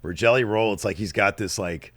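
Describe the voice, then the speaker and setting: A man's voice: on the low side, brisk, a bit bright, dry recording. A man co-hosting a podcast, casually recapping wrestling with jokes, swearing and emphatic read-outs of promos. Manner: jokey, reads out promos with emphasis, swears freely. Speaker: podcast co-host.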